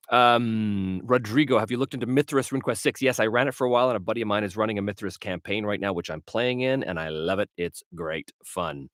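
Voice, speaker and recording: A man's voice: on the low side, a little fast, hardly any pauses, fairly bright tone, no echo, clean studio sound. A man hosting a casual livestream, chatting and answering viewer questions with lots of fillers. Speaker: livestream host and game master. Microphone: webcam livestream setup.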